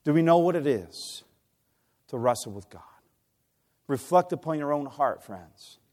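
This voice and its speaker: A man preaching a sermon with passion, swinging from hushed, drawn-out phrases to loud storytelling and putting questions to the congregation. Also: mid-range voice.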